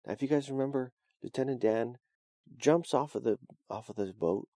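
A man's voice: medium pitch, normal speed, mellow, no echo, studio quality. A man preaching a sermon, telling a story in a conversational way with frequent restarts and fillers. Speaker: pastor.

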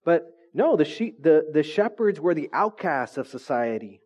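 A man preaching a sermon as a pastor, lively and joking, acting out voices from his stories. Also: on the high side, normal speed. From California. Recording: dull lo-fi sound.

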